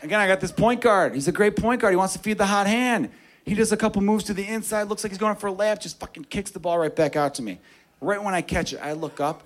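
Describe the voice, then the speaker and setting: A man doing stand-up comedy, telling a story with loud, animated delivery and shouted character voices. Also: high voice, fast.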